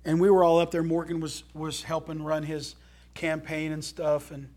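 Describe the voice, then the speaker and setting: A pastor with a somewhat high voice delivers a folksy, animated sermon from the pulpit at a normal speed. He swings between loud, emphatic lines and quiet, low asides, slipping in jokes as he goes.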